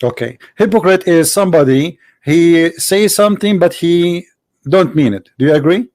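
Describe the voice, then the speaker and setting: Insistent debating host with a higher voice. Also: male voice, normal speed, a little mellow. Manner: argumentative, insistent, repeats points for emphasis. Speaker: host of a live call-in religious debate show. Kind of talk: live call-in debate.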